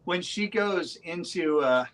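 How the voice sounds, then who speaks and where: Musician guest, male, rather high-pitched, chatty and meandering with plenty of ums. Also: expressive, slow, background noise. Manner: rambling, hesitant with many ums. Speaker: band member. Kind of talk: casual interview chat.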